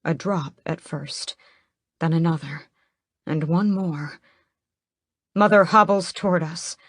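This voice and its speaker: A woman narrating a first-person fantasy audiobook in a measured, steady way, close to the mic. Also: deep voice, dry recording.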